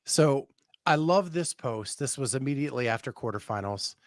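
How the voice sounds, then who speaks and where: A man hosting a casual interview, asking relaxed, conversational questions. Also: medium pitch, normal speed, no room sound, studio quality. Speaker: podcast host, interviewer.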